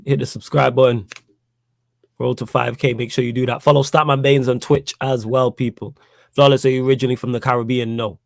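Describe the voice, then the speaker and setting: A young Manchester man chats loosely and quickly on a stream, dropping slang and shout-outs to viewers. His voice sits at an average pitch, recorded close and dry with little room sound. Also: level tone, gravelly, dry recording. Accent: South East Manchester. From England. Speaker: co-host. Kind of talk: casual live-stream chat.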